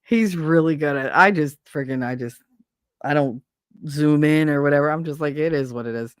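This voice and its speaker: Rambling, low-pitched woman livestream host. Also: moderate pace, clear, resonant tone, no echo, studio quality. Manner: rambling, swears freely, laughs often. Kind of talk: casual livestream chat. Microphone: desk microphone.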